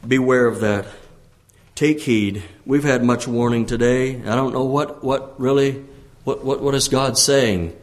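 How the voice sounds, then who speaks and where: A man preaching a sermon as pastor, often repeating his phrases and clearing his throat, his pitch climbing when he exhorts. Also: a little slow. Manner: frequent throat clearing and restarts.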